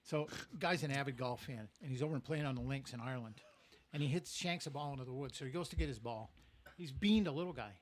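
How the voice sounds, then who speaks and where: A man's voice: medium pitch, fast talker, a little hiss or hum. An older man, a stand-up comedian, telling jokes and chatting as a podcast guest. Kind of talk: podcast joke-telling and chat.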